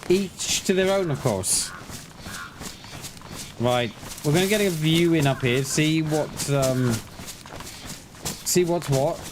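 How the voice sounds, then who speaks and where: Guy streaming a game, chatty, swears a lot, voice a bit high, noisy background. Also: slow pace, pauses often. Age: adult parent of a schoolchild. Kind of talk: casual live-stream chat while gaming. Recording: clear background noise.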